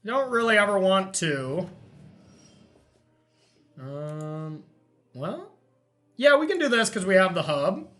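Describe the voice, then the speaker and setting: A man hosting a card game session, thinking aloud as he counts and checks his plays in relaxed, self-amused commentary. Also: high voice, slow pace, long pauses. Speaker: host playing a card game. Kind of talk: casual gameplay commentary.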